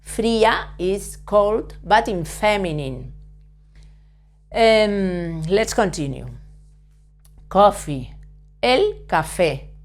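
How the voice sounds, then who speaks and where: A woman from teaches at a very unhurried pace, patiently repeating each word and spelling out letters one by one. Her voice sits at an ordinary middle pitch, with faint music playing quietly behind her. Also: lively intonation. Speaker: Spanish teacher. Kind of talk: slow, careful spoken lesson.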